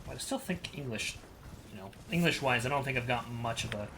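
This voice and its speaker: A man in his thirties, a native Spanish speaker from South America, who streams games and talks in a casual, excitable way with lots of swearing. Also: mid-range voice, brisk, background noise. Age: 30s. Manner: swears a lot, excitable outbursts. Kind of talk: casual gameplay commentary.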